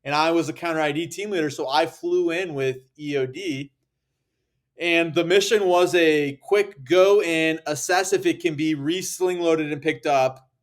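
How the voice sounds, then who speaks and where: An American man in his thirties telling stories casually on a podcast, animated and acting out quoted lines. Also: measured pace. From United States. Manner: animated, acts out quotes with rising pitch. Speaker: podcast guest. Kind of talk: casual storytelling.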